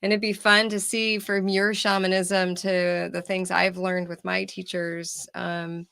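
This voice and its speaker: A woman guest on a spiritual podcast explains her practice in an earnest, teaching manner. Her voice sits low and gravelly. The sound is dry and close, with no room around it. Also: little pitch movement, a little slow, bright, forceful tone, no echo. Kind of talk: casual podcast chat.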